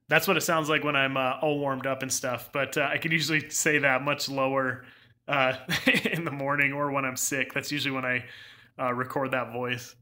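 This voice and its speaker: Streaming gameplay live, a young man speaks in a very bright, sharp, middling-pitched voice with flat delivery at a moderate pace. He rambles, restarts sentences, and laughs often while reading chat.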